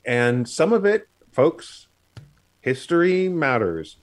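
A man's voice: a little high, big pitch swings, slow. A man co-hosting a casual chat on a video call, explaining with many fillers and restarts. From United States. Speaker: podcast co-host.

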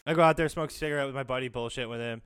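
A man's voice: mid-range voice, rapid-fire, a bit bright, clean tone. A man telling a profane story in casual podcast chat, laughing through the punchlines.

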